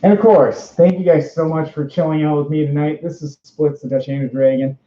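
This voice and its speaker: A Minnesota man in his twenties, with the local accent, hosts a casual livestream interview from inside a fursuit indoors. His voice is a little high and mellow with fairly even intonation, and he's rambling, bubbly, and quick to laugh. The stream audio is roomy, dull, and lo-fi.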